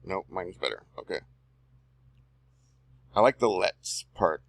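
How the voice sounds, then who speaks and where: An online marketer and video host reads copy aloud while editing a screen-recorded tutorial, muttering to himself. His deep, gravelly voice moves slowly with lively intonation, drawling slangy asides, and there's no echo.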